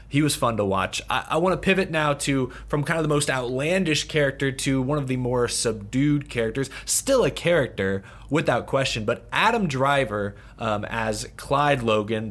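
A man's voice: mid-range voice, fairly bright tone. A man with a mid-range voice, hosting a casual podcast. He chats in an easygoing way, leading the conversation on to new topics with questions. His talk is loose and unscripted. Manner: conversational, steers the discussion with questions. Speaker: podcast host. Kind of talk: casual movie review chat.

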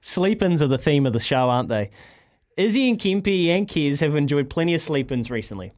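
A man's voice: a little high, big pitch swings, a little mellow. New Zealand man hosting breakfast radio. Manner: laughing, quick, joking. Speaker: radio breakfast show host. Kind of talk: lively sports radio banter. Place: radio studio.

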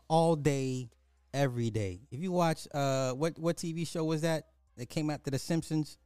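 A man's voice: on the high side, normal speed, mellow, smooth, dry recording, clean studio sound, soft background music. A man giving reaction commentary, rambling and trailing off mid-sentence.

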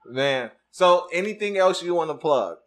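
Guy hosting a podcast, high bright voice, hyped short reactions, swears a lot. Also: expressive, normal speed. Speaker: podcast host. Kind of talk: casual chat.

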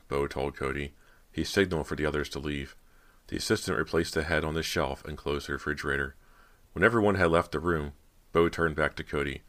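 A man reading a horror novel aloud as narrator, telling it in a measured, steady way. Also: rumbling low. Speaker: audiobook narrator.

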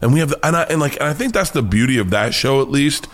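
A man with an American accent, a comedian guest telling animated, profane stories in an interview and acting out quoted voices. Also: mid-range voice, fast. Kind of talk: storytelling interview chat.

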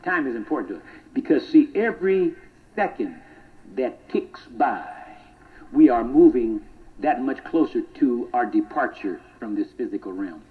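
A man preaching a sermon with rhythmic repetition, swinging from hushed whispers to loud emphasis. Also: medium pitch, expressive, moderate pace. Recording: tinny phone-like sound.

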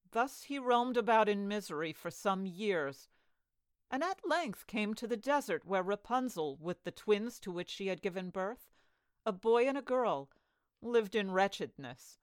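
Expressive woman reading a fairy tale. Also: medium pitch, clear, resonant tone, no echo. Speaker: storyteller. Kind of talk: fairy tale read aloud.

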